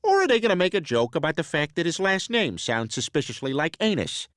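A podcast host putting on a bumbling, loud middle-aged cartoon dad, brash and rapid like a mock announcer. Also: male voice, a little high, sing-song, no room sound, clean studio sound, voice pushed up.

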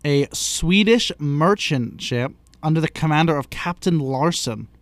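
A man's voice: fairly high pitch, animated, unhurried, dry recording. Explaining podcast co-host man. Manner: explanatory, stretches words for emphasis. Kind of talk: casual conversational explanation.

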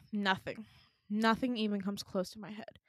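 A woman hosting a podcast, casually retelling a dream in an animated, sarcastic way, laughing often. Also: mid-range voice, unhurried, dry recording, clean studio sound. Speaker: podcast host.

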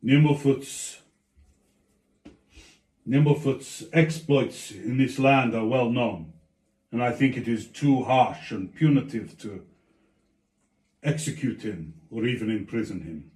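A man's voice: medium pitch, lively intonation, natural voice. A man doing a stern dwarf senator. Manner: slow, grave pronouncements of judgment. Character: honorable blonde dwarf senator, stern and solemn. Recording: echoey room.

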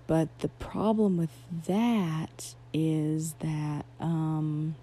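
A woman's voice: sits low, extremely slow, warm tone. A young adult woman hosting a podcast, rambling from topic to topic in a self-deprecating comedic monologue with giggly asides. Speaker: podcast host.

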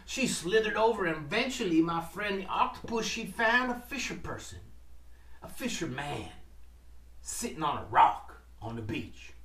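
Animated man telling a story. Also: sits high, normal speed, far from the mic. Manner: dramatic, calls out to listeners. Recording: roomy, from off mic.

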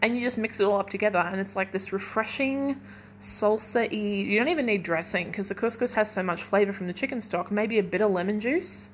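A woman's voice: medium pitch, brisk. Young female podcast host, chatty and rambling, mid-range voice, recorded at home with faint noise behind. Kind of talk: casual solo podcast chat. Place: at home in her kitchen while baking.

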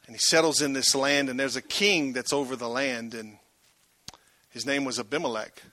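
A male pastor preaching a sermon, dramatic, swinging from loud bursts to hushed tones and asking the crowd rhetorical questions. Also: medium pitch, fairly even intonation, normal speed.

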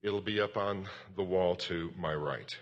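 Candid pastor preaching in a reverberant hall. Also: male voice, sits low, measured pace, highs cut off. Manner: candid, self-deprecating, rambling and animated. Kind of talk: sermon.

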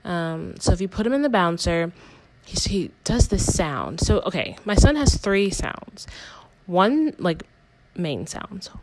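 A woman's voice: fairly low pitch, very animated, a little slow, slight background noise, low-quality recording. A young woman hosting a casual personal podcast, talking candidly in a rambling way with lots of "like" and self-corrections. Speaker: podcast host.

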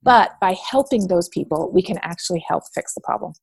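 A woman's voice: lowish voice, brisk, gravelly, slightly rough, no room sound. A woman from Canada in an interview, telling stories animatedly and acting out what others said. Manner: animated storytelling, acts out quoted voices. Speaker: interview guest. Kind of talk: casual interview talk.

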